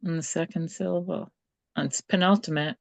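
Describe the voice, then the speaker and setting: A woman's voice: on the low side, steady tone, moderate pace, creaky, dry recording. A woman student answering questions in an online class, hesitant and searching for words. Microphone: video call.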